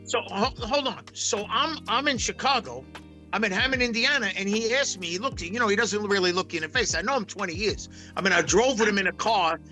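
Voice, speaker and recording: A man, a poker pro guest, telling stories on a podcast in a quick, blunt, brash way and swearing freely. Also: high-pitched, animated, bright, forceful tone, soft background music. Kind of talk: casual podcast storytelling.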